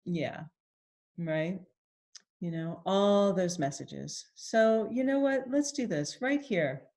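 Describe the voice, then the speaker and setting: A woman's animated voice leads a guided tapping session, though she keeps her tone gentle. She repeats first-person phrases and pauses to sigh and breathe deeply.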